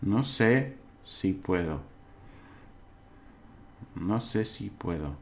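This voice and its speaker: A language teacher leads a lesson in a relaxed, chatty way, his low, creaky voice moving slowly. He often stops to fix his own slips with a laugh, giving it the feel of a casual home-made class.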